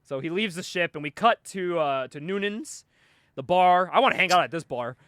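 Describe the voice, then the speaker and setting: A man co-hosting a casual podcast about comic books. He talks in an animated way, laughs often and acts out lines from the comic in voices. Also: high voice, moderate pace, clear, resonant tone, dry recording, clean studio sound. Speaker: podcast co-host. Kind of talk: casual comic book chat.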